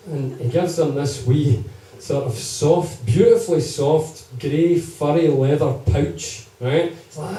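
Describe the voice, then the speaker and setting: A man's voice: a little high, slow, dark tone. A man telling comic stories to a live crowd, chatty and checking in with them. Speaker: storyteller at a gig. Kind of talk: comic storytelling to a live audience. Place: live music gig. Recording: echoey live room, distant mic.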